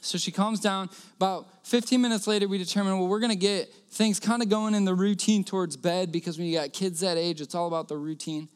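High, smooth-voiced male preacher. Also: steady tone, a little fast, hardly any pauses. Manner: earnest storytelling, repeats key phrases. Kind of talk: sermon with personal story.

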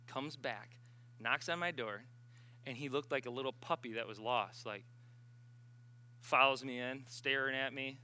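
A man preaching at a healing service, telling stories with sudden bursts of excitement. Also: mid-range voice, measured pace, long pauses. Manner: animated storyteller, bursts of excitement. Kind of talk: sermon.

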